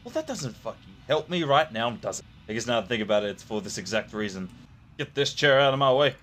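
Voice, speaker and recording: A young man talking through a horror game, cracking crude jokes and yelping at scares. His pitch swoops lively up and down as he reacts. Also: fairly quick, faint music behind. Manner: jokey, profane, jumpy reactions. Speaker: gamer playing a horror game. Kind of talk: gameplay commentary.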